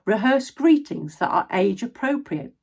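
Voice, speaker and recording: A woman in her sixties, an ADHD and education coach and former drama teacher, giving parents practical advice in an expressive instructional talk. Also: on the high side, unhurried, breathy edge. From Scotland. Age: 60s.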